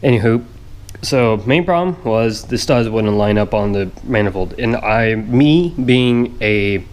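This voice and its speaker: A man's voice: on the low side, animated, a little slow, a little mellow, low-quality recording. Nasal man rambling about his engine work. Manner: hesitant, rambling, many fillers. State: congested, nasal. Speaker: car hobby vlogger. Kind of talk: casual narration over work footage.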